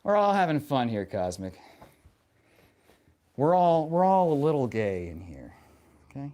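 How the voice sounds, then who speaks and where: A man live-streaming in casual chat, answering viewers in a rambling, profane way full of fillers, and getting animated when he rants. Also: mid-range voice, a little slow. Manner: animated and passionate when ranting.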